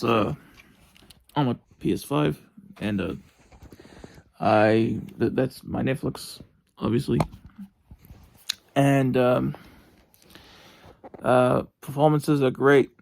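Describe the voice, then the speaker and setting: Gravelly rambling New man. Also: mid-range voice. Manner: rambling, halting, lots of fillers and restarts. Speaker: vlogger. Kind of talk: casual TV review monologue. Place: bedroom.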